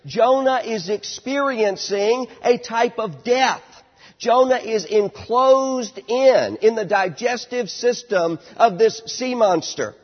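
A man in his thirties preaching a sermon, emphatic and slowing down on key words, dropping to a quieter storytelling tone for anecdotes. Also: extremely high pitch. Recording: dull lo-fi sound with long hall reverb.

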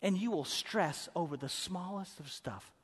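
A man preaching a sermon as pastor, emphatic and swinging from loud to hushed. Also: sits high, lively intonation, moderate pace, husky. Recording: preaching in a hall with long reverb.

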